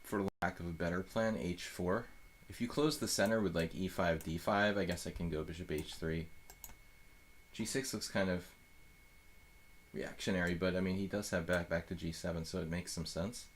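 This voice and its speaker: This is a man with a low, deep voice streaming live chess commentary. He muses out loud in a loose, rambling way, trailing off and restarting his sentences. A faint hiss of noise sits under his voice. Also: fairly even intonation, normal speed. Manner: thinks aloud, rambling with fillers.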